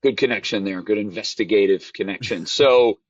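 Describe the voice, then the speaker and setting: A man's voice: on the low side, moderate pace, no room sound. A man, a golf instructor, telling a heartfelt story in casual interview chat with many restarts. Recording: dull lo-fi dry sound.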